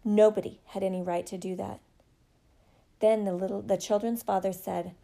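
A woman reading a novel aloud in a steady, measured way. Her voice is low in brightness and mellow, with a gravelly texture and a medium pitch. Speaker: narrator.

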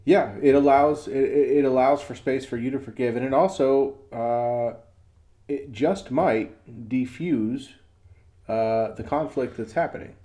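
A man's voice: mid-range voice, measured pace. A middle-aged man co-hosting a casual podcast, telling an example story and acting out the quotes. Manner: storytelling with lively acted-out quotes. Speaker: podcast co-host.

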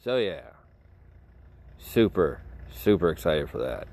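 Low-voiced man rambling in a casual vlog. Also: big pitch swings, takes it slowly, a little mellow, faint music behind. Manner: joking, rambling, self-mocking. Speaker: vlogger.

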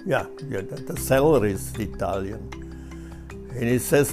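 Older man, slow and halting. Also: medium pitch, lively intonation, a little mellow, faint music behind. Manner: halting, repeats words while telling jokes. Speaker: father telling jokes. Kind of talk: casual family joke-telling.

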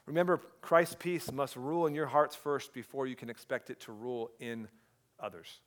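A man in his thirties preaching a sermon as pastor, earnest and dropping to a hushed voice for emphasis. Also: medium pitch, moderate pace.

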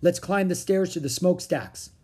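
A reader voicing an anxious, cautious young boy who shouts in a raised, worried voice. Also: mid-range voice, moderate pace, breathy edge, pitched above the performer's own voice, natural voice. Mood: hushed urgent.

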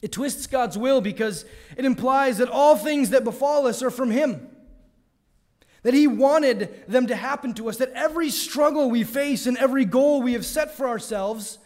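A man's voice: very high-pitched, moderate pace, a little mellow, in a large hall. A man preaching a sermon, emphatic, asking rhetorical questions and dropping his voice for stress. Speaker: pastor.

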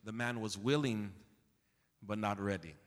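A man pastor preaching an expository sermon with passion, swinging from low confiding tones to near-shouts and calling on the congregation to answer back. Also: unhurried. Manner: calls out to the congregation for responses. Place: church sanctuary. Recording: long hall reverb in a church.

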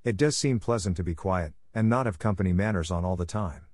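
A man's voice: low-pitched, a little fast, darkish tone, no echo. A bashful, self-reproachful young woman from a classic storybook , voiced by a man reading aloud. She speaks in a lifted, earnest tone, recorded close and dry. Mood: confiding. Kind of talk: audiobook character reading.

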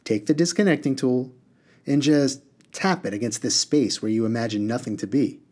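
Guy doing a brash loud water genie, slangy, teasing, storybook read-aloud. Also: medium pitch, normal speed, close to an everyday voice. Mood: showy. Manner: boastful and teasing, rattles off slang phrases.

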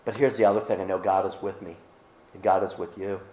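Low-voiced pastor preaching in a roomy church. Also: male voice, flat delivery, quick pace, dark tone, a little hiss or hum. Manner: conversational preaching with restarts, reading scripture aloud. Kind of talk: sermon.

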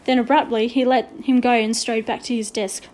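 A woman narrating a children's storybook aloud in a clear, expressive way. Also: a little high, a little fast.

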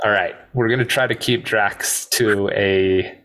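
A man's voice: fairly low pitch, steady tone, measured pace, fairly bright tone, a little hiss or hum. A man co-hosting a podcast, chatting casually about a film, laughing often and quoting lines. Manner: laughs often, slips into movie quotes. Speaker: podcast co-host. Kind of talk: casual chat about a movie.

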